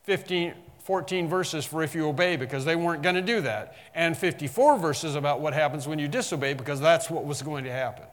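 A man preaching an expository sermon, emphatic, slowing on key phrases and rising in bursts. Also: a little high, in a large hall. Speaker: pastor.

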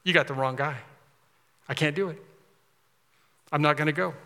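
A man's voice: a little high, normal speed, sharp tone, long reverb tail. A man voicing a reluctant, whining man who protests he is the wrong one for the job. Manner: pleading, exasperated, raised voice.

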